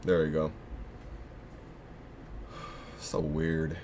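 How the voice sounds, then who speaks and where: A man's voice: very deep voice, flat delivery, extremely slow, darkish tone, slight background noise. A young man hosting a casual crypto livestream, rambling with lots of restarts and slangy asides.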